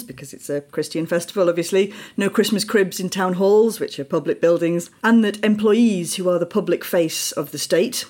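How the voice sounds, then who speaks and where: A woman co-hosting a podcast, explaining things in a lively way with laughs. She is from England. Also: deep voice. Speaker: podcast co-host. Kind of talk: podcast discussion.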